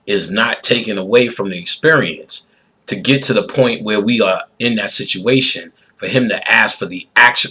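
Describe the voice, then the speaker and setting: A man, a podcast host giving a profane, preachy monologue that swings into loud outbursts. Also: lowish voice, slightly rough, poor audio.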